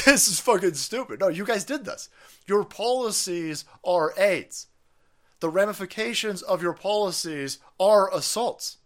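A man rants in crude, rambling commentary, laughing often and slipping into mocking voices. His voice sits fairly high and leaps around a lot. The tone is bright and forceful. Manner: foul-mouthed, laughing, animated ranting with mocking voices. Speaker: political stream host. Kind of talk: profane ranting commentary.

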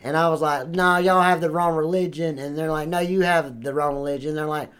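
A man's voice: fairly high pitch, fairly even intonation, a little fast, fairly bright tone, smooth, close to an everyday voice. An actor playing a crude, boastful trailer park man who rambles and swears constantly in an improvised comedy sketch. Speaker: comedy character.

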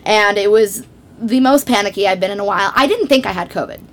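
A woman guest on a podcast, telling a story in casual chat, animated and self-mocking with frequent laughs. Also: medium pitch, fast.

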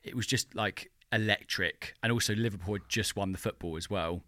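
A young British man, a drummer and teacher, co-hosting a podcast in casual, rambling chat with quick bursts of speech. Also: on the low side, pushed and bright, no room sound, clean studio sound. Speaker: podcast co-host, drummer and educator.

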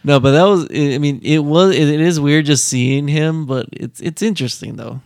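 A man chatting casually about a car show, relaxed and plain-spoken, swearing now and then. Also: on the high side, moderate pace, gravelly, no echo, clean studio sound. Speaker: co-host. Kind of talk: casual chat.

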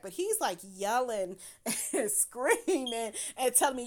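A woman tells a personal story in a lively, swooping voice that sits a bit high. She swears freely and laughs through her words, animated and unfiltered. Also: slow pace.

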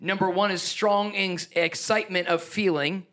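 A pastor preaches an emphatic, energetic sermon at normal speed. His voice is fairly high for a man, and he slips into playful asides with a chuckle.

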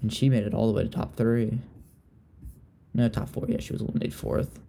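A young man from Richmond, Virginia chats casually and gossips as a podcast host, often losing his thread and restarting. His mid-range voice is warm with vocal fry, steady in tone and fairly quick, over slight background noise.

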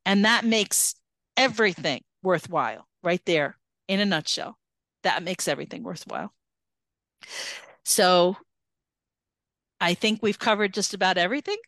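Woman podcast host, slightly low voice, rambling casual chat, dry close recording. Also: lively intonation, unhurried, pauses often, fairly bright tone, dry recording. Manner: talkative, many restarts and self-corrections.

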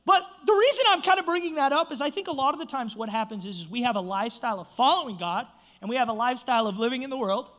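A man's voice: very high-pitched, animated, racing, fairly bright tone. A young man, a church pastor, preaching a sermon and telling a self-mocking funny story.

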